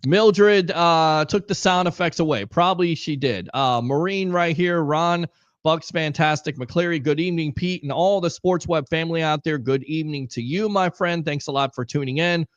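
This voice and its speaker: A man's voice: on the high side, normal speed, no room sound, muffled recording. A man hosting a live call-in sports show, joking and teasing callers and co-hosts. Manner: jokey, teasing, animated. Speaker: host.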